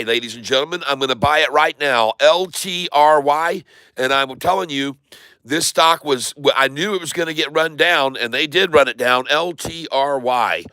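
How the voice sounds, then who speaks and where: A man streaming live day trading, narrating his buys and prices as he goes and spelling out tickers slowly. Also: a little high, bright, forceful tone, clear, resonant tone, no room sound. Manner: running commentary, repeating tickers slowly.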